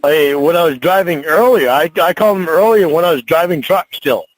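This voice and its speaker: A man's voice: a little high, brisk, very noisy. A man who drives trucks, arguing at home, swearing constantly and stumbling over his words. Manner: profane, rambling, stumbling restarts. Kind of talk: heated domestic argument.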